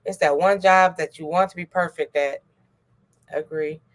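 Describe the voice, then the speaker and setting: Relaxed woman livestream host. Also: low voice, moderate pace. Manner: relaxed, reads viewer comments aloud, chuckles. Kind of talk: casual livestream chat.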